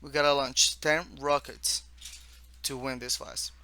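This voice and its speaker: A man from the East Coast walks through a simple text adventure, reading each line off the screen and adding his own asides. His voice is bright and forward, and it is recorded close and dry with no room sound. He reads haltingly, restarting phrases as he goes. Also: medium pitch, level tone, smooth, dry recording. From East Coast of the United States. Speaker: student demoing his own text game. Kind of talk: casual walkthrough, reading game text aloud.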